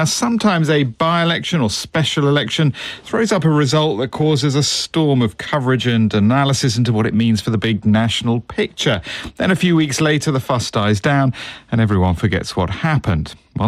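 A man presenting a radio news programme in a measured, clear broadcast delivery. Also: medium pitch, no echo. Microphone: studio microphone.

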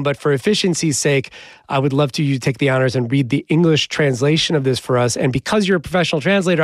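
A man's voice: fairly high pitch, no echo, studio quality. A man hosting a broadcast interview, asking questions in a polished, conversational way. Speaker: radio interview host.

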